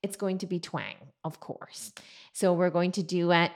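A woman's voice: fairly low pitch, steady tone. Chatty woman giving a singing lesson. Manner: chatty, explains with quick vocal examples. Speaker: vocal coach. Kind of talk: singing lesson with sung demonstrations.

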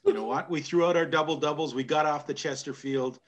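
A man's voice: on the high side, steady tone, a little fast. A man with a Canadian accent hosting a casual wrestling podcast, joking, laughing often and grumbling about the shows. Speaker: podcast host. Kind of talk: casual chat.

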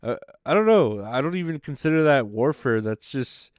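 A man's voice: medium pitch, animated, normal speed, no echo, studio quality. A man hosting a comedy podcast, rambling in a casual monologue full of fillers and swearing. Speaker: podcast host.

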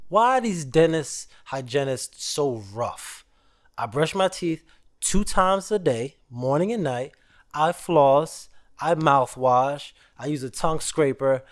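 A man in his thirties hosting a podcast, telling stories in a casual, joking, slangy way. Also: on the high side. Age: 30s. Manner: animated storytelling, slangy and joking. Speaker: podcast host. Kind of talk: casual chat.

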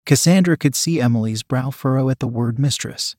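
A man narrating a scripted story in a steady, unhurried reading. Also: mid-range voice, no room sound, studio quality.

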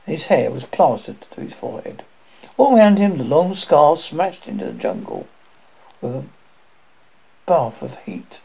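Gravelly, husky man reading a novel. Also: fairly high pitch. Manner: animated reading with slips and self-corrections. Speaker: narrator. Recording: dull lo-fi recording.

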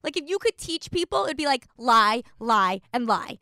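A woman's voice: on the high side, big pitch swings, normal speed, sharp tone, dry recording, clean studio sound. A young woman co-hosting a podcast, chatting casually with her mother in a teasing tone that often breaks into laughs. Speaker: podcast co-host, daughter. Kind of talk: casual chat.

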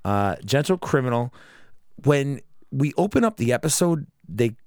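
This thirty-something podcast host has a medium-pitched, darkish voice with big pitch swings and a moderate pace. He rambles, jokes around with friends, and curses freely, all captured in echo-free studio sound.

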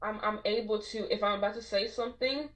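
A young woman in a relaxed interview, speaking earnestly about her faith. Her voice sits in a middle pitch and she threads her sentences with casual fillers. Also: brisk, low-quality recording. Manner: earnest, heartfelt, frequent "like" fillers. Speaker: guest. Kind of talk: testimony in a casual podcast conversation.

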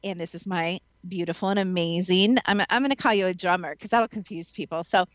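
A Midwestern woman hosts a radio talk show, chatting casually and laughing often. Her voice is on the low side and fairly quick, captured in a low-quality recording with no echo.

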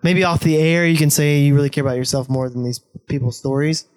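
A young man with a somewhat high voice talks in casual chat. He is blunt and pushy, swearing freely as he presses his point. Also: fast talker, a little mellow. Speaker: podcast guest, host's best friend.

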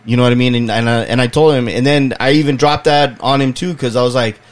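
A man's voice: mid-range voice, fast. A man co-hosting a casual podcast chat, telling stories animatedly and acting out customers, with lots of swearing. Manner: animated storyteller, acts out customers, swears freely. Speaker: podcast co-host, collectibles seller.

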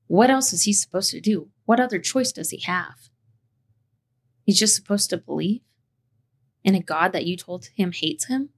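A woman's voice: mid-range voice, lively intonation, moderate pace, pauses often, slightly rough. A woman hosting a podcast, talking in a passionate, heated rant and cussing freely. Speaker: podcast host.

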